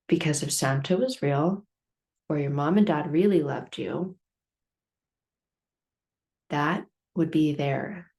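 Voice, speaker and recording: A woman's voice: low-pitched, takes it slowly, vocal fry, pauses often, a little mellow. A woman self-help speaker giving a motivational talk, storytelling with repeated, building phrases. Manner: storytelling with repetitive build-ups.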